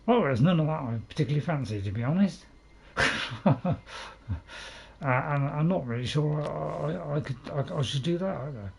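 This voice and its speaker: Chatting away to viewers in chat during a casual let's-play, this gaming channel host rambles and owns up to being a waffler. He speaks at normal speed in a higher voice with lively intonation and vocal fry, leaving long pauses, and there's slight hiss or hum.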